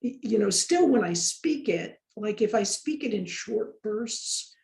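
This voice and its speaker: A woman instructor talks in a loose, rambling way, full of fillers and restarts. Her voice is low-key and warm with a gravelly edge. She sounds like she is in a roomy, echoing space. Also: animated, a little slow. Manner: chatty, rambling, many fillers. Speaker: course instructor. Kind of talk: casual discussion on a video call. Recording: roomy echo.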